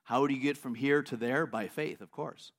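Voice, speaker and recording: A man pastor preaching a sermon, telling stories in an animated way and laughing often. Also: mid-range voice, normal speed.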